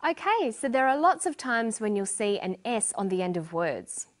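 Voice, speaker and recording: A woman narrating a scripted English lesson as a teacher, speaking clearly and deliberately. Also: mid-range voice, big pitch swings.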